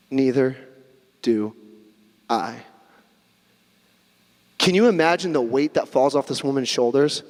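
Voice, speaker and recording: A man preaching a sermon as a pastor, conversational and animated, with jokey asides. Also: medium pitch. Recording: long reverb of a hall.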